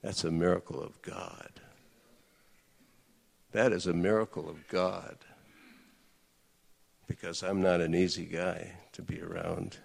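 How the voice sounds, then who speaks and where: Deep gravelly man preaching in a hall. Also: measured pace, pauses often. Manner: conversational, earnest, with lively outbursts. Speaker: speaker addressing men. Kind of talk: sermon-style personal storytelling. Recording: echoey hall with long reverb.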